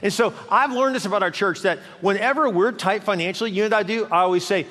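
A man preaching a sermon as pastor, animated, acting out quoted voices of God and the congregation. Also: high voice, quick pace. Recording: long hall reverb.

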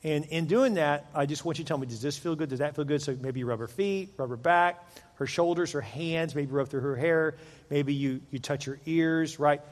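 A man's voice: fairly high pitch, normal speed. A middle-aged man preaching a sermon to a large church congregation, casual and joking in tone. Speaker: pastor. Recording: long hall reverb.

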